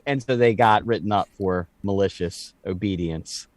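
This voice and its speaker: A man's voice: deep voice, normal speed, no echo. A man co-hosting a podcast, explaining things in a dry, matter-of-fact way. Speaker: podcast co-host. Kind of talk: casual chat.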